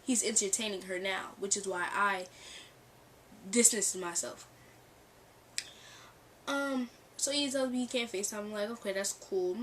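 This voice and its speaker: A young woman chats through a personal story, switching into lively voices for what others said and breaking into laughs. Her voice sits a little back from the mic. A faint hum of the room and passing cars comes from behind her. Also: medium pitch, measured pace, long pauses, recorded from a distance. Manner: animated, acts out quoted dialogue, laughs often. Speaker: storytime vlogger. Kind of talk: casual storytelling. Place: bedroom near a street. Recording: mic set back, faint background ambience. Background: cars passing outside.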